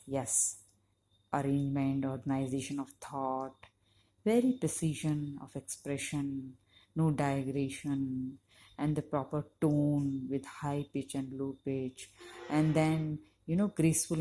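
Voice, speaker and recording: A woman teacher with a low, mellow voice gives a conversational lecture to university students, leaning on "you know" as she explains. She's explanatory and emphatic on key points, with a little hiss or hum in the audio.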